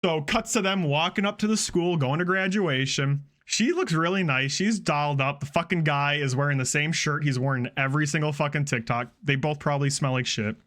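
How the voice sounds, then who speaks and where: A young man streaming, recapping a string of online videos in a casual, profane, animated way. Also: fairly high pitch, a little fast, few pauses. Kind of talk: casual storytelling on a livestream.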